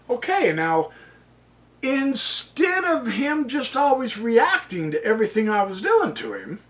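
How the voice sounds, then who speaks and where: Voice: mid-range voice, fairly bright tone, far from the mic. Chess channel host talking through their own game, chuckly and exclaiming a lot, swoopy voice, sits back from the mic. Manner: chuckling, exclaims with delight at the opponent's moves.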